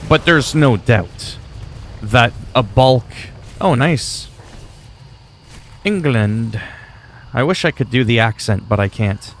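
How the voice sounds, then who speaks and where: A man's voice: medium pitch, expressive, takes it slowly, long pauses. A man from Canada whose first language is French talks casually to his viewers while gaming, wandering from point to point. His voice sits mid-range, and faint background hiss runs under his talk. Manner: rambling, chatty, talks to viewers. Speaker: game streamer.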